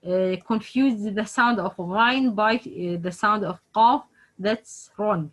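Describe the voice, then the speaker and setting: A woman teaching Quran letter pronunciation online, speaking haltingly with many fillers and repeated example sounds. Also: mid-range voice, low-quality recording.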